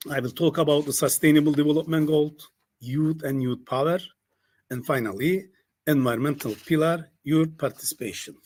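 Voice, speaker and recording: An older Turkish-speaking man gives an academic presentation in English, halting often and repeating phrases, with fillers. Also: on the high side, darkish tone. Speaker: university lecturer.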